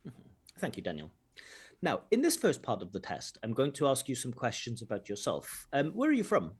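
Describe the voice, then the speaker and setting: Lively-voiced male examiner giving feedback. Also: medium pitch, normal speed, husky. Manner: explanatory, stops to comment. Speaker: IELTS examiner and teacher. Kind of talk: spoken exam feedback.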